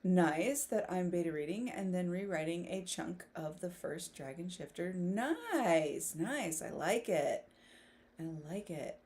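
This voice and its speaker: A woman's voice: fairly low pitch, animated, takes it slowly, a little mellow. A woman hosting a casual writing livestream, chatting, laughing often and reading viewer comments aloud. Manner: giggly, reads chat aloud. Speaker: livestream host.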